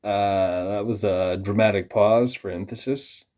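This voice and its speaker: A man delivering an angry, profane rant straight to his viewers, condescending as he lurches from low muttering to loud outbursts. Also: steady tone, unhurried. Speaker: vlogger. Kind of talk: ranting monologue to camera.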